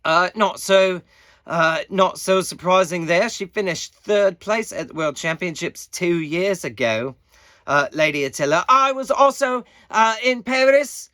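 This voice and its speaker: A man giving a casual, halting competition update, full of fillers and pauses. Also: high-pitched, animated, sharp tone, no echo, studio quality. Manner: halting, many fillers, unhurried.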